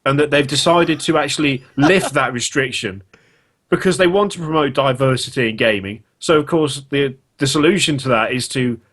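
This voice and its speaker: Husky-voiced man ranting on a podcast. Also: medium pitch, moderate pace, a bit bright. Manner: ranting, incredulous, sweary. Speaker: podcast host. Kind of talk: casual panel chat.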